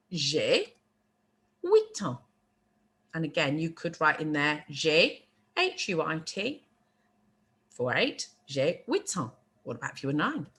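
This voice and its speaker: A woman teaching a beginner French lesson, repeating phrases slowly and patiently, with chatty asides and quick apologies. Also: mid-range voice, sharp tone.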